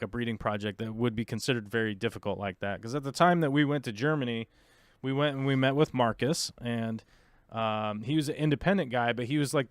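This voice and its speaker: American man, casual live-stream host, rambling chatty talk, smooth clear voice, dry close sound. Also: mid-range voice, no room sound. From United States. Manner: rambling, many fillers and restarts, chatty. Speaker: host of aquarium livestream.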